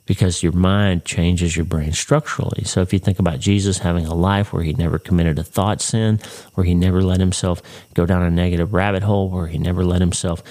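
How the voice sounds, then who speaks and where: On his faith podcast, a man gives devotional Bible teaching in a deep, slightly mellow voice that moves briskly with fairly even intonation. He speaks earnestly and conversationally, asking the listener direct questions.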